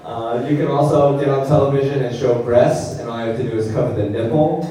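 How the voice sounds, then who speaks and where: Deadpan young man doing stand-up. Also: medium pitch. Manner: deadpan delivery with filler pauses. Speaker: stand-up comedian. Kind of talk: stand-up comedy set. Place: large hall on stage. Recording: very roomy hall sound, slightly distant. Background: audience laughter.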